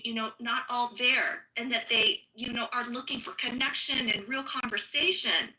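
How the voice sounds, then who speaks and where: A woman's voice: on the high side, pushed and bright, roomy sound, rough recording. A woman venting angrily in an online audio room, firing off rhetorical questions and swearing. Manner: angry, profane, rhetorical questions. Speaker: audio chat room participant. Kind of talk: heated rant.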